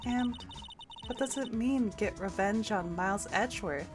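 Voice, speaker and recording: A woman voicing an eager, excitable teenage girl sidekick while reading a game aloud, with game music behind her. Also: mid-range voice, unhurried, close to an everyday voice. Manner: bright, excitable, pleading questions.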